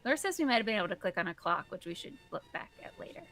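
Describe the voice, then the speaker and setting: A woman's voice: medium pitch, sing-song, fairly bright tone, soft background music. A woman co-streaming a game, chatting, joking and speculating about the story. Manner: chatty, joking, quick to laugh. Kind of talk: let's-play commentary.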